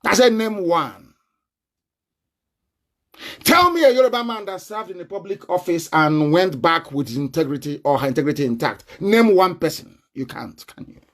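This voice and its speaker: A man with a Nigerian accent giving a combative live online broadcast, laughing often and breaking into shouts. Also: on the high side, expressive, normal speed.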